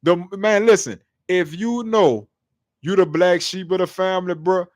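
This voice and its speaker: A man's voice: sits high, a little slow, darkish tone, no room sound, clean studio sound. A man in his thirties, a podcast host preaching in a slangy street style who keeps checking in with the listener.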